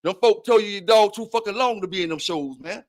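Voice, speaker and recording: Man, very high voice, profane taunting livestream host. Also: quick pace. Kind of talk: heated livestream trash talk.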